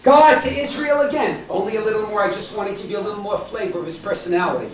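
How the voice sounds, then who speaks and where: A woman's voice: mid-range voice, fast talker, a little hiss or hum. A woman preaching a sermon with passion, repeating her phrases and laughing between points. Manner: impassioned, repetitive, laughing asides. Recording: echoey hall from far off.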